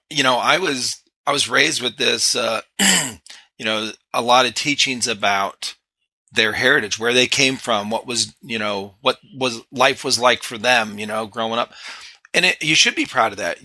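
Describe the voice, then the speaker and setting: Bright, blunt male podcast host. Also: mid-range voice, dry recording. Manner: blunt, profane, laid-back. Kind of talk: casual chat.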